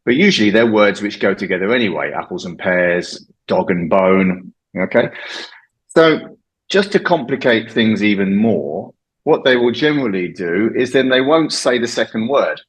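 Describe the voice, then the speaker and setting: A man's voice: fairly low pitch, lively intonation, moderate pace, poor audio. A middle-aged man from England, an English teacher, chatting casually and explaining slang, laughing often. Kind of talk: casual chat about slang.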